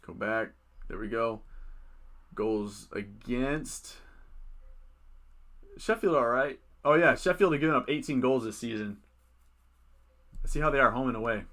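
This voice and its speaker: A man's voice: mid-range voice, a little slow, pauses often, fairly bright tone. A man hosting a casual fantasy football livestream. He thinks aloud, reads out viewer comments and uses many fillers.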